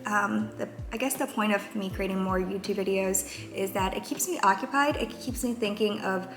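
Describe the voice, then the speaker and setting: A young woman in her twenties talks in a candid, rambling way, filling her pauses with plenty of ums. Her voice sits at an ordinary middle pitch. The room echoes around her, with faint music underneath. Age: 20s. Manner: candid, rambling, many fillers. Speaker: vlogger. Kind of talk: casual confessional vlog. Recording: roomy echo, faint music.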